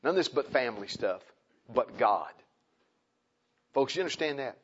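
A man preaching a sermon, impassioned and repetitive, swinging from loud emphasis to quiet pleading. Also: mid-range voice, animated, moderate pace, breathy edge. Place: church. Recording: dull lo-fi recording.

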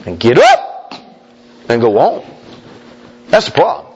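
A man preaching a sermon, folksy and emphatic, with sudden shouts and slow drawn-out lines. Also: medium pitch, wildly swooping pitch, gravelly, breathy edge, muffled recording.

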